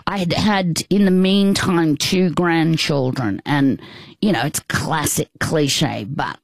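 An older Australian woman telling a personal story in conversation, halting, with frequent restarts and asides. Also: low voice, creaky, no echo. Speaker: guest.

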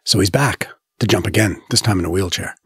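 A husky-voiced man tells a story as a filmmaker in a casual chat, stopping and restarting often. His voice climbs when he gets caught up in the story. The sound is close and dry. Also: brisk, no room sound. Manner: animated storyteller, many fillers and restarts, pitch rising when moved. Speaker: documentary filmmaker guest.

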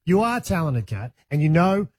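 Husky, animated Australian radio host. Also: male voice, on the high side, normal speed. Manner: playful, teasing. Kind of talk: breakfast radio banter.

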